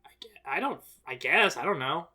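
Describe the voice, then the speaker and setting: A man's voice: a little high, lively intonation, normal speed, pushed and bright, breathy edge. A man chatting casually as a reaction co-host, rambling and defensive and often restarting his sentences. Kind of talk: casual chat.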